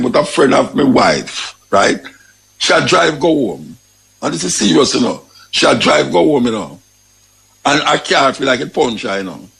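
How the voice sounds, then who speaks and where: A man's voice: mid-range voice, gravelly, a bit bright, poor audio. A man with a Jamaican accent giving emphatic spoken commentary, repeating his points and often saying "you know".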